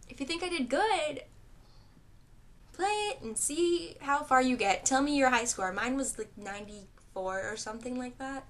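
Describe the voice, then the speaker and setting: A young woman giving casual, excitable gameplay commentary, laughing and repeating herself in panic. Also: high-pitched, moderate pace, a little hiss or hum. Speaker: gaming vlogger.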